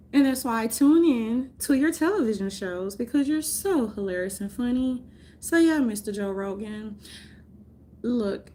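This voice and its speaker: Profane, high-voiced woman ranting. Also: a little hiss or hum. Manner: profane, loud and confrontational, laughing often. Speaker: vlogger. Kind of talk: unscripted rant to camera.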